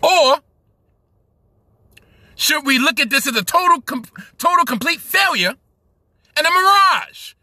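A man's voice: very high voice, lively intonation, unhurried, pauses often, pushed and bright, no echo. A man from Brooklyn with a New York accent, hosting a solo podcast and ranting profanely about sports. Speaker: podcast host.

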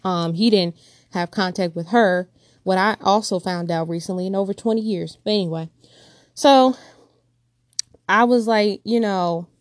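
A young woman telling a painful personal story in an earnest, emphatic way, repeating phrases and raising her pitch to act out what others said. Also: measured pace, long pauses, dry recording, clean studio sound. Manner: acts out quoted voices with raised pitch.

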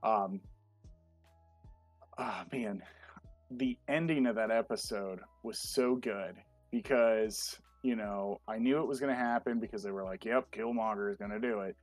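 A man co-hosting a casual podcast chat, an excitable fanboy who leans on fillers. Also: on the low side, unhurried, no echo, faint music behind. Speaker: podcast co-host. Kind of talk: casual chat reviewing a show.

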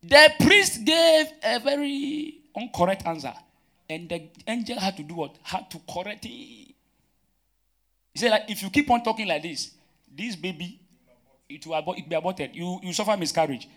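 A man, preaching a sermon as pastor, calling out questions and swinging between loud emphatic bursts and quiet asides. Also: sits high, fairly quick. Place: church.

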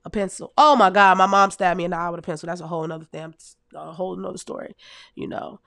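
A woman in her thirties telling comic stories to her audience in a casual, animated, heavily profane way, laughing often as a podcast host. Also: lowish voice, fast talker, gravelly, no echo, studio quality. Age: 30s. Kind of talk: casual comedic storytelling.

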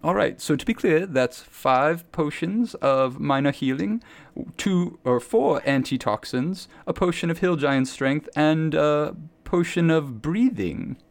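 A man narrating a tabletop game as game master, in an animated storytelling manner. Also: on the high side, slow pace, vocal fry.

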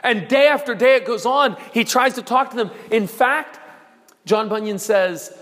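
High-voiced preacher in a reverberant hall. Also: male voice, moderate pace. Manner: dramatic, acting out quoted voices and shouting lines. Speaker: pastor. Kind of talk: sermon. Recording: long reverb of a large hall.

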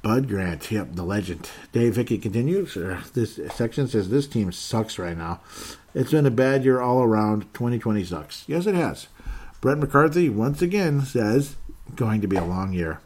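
A man's voice: on the low side, animated, moderate pace, a little mellow, husky. A man hosting a fan podcast, reading listener comments aloud in a casual, joking way and laughing often. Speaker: podcast host.

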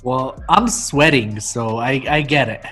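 A man hosting a casual video call chat, chatty and quick to laugh. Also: mid-range voice, a bit bright, faint music behind. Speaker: host.

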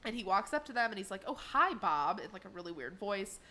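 Talking at a racing pace in a medium-pitched voice, this podcast co-host retells a cartoon episode casually, performing the quotes with lively energy.

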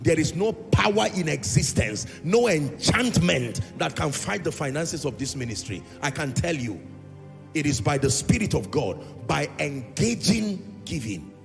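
A pastor delivers an unhurried sermon in a high, lively, gravelly voice that swoops up and down. He drives his points home with repeated phrases and slips into sung lines. The sound echoes through a large hall with faint music in the background.

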